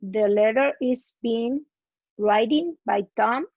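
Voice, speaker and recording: Speaking slowly in a slightly high voice, a female English student practices grammar out loud, hesitating, self-correcting, and repeating words while she thinks. The sound has no echo and is phone quality.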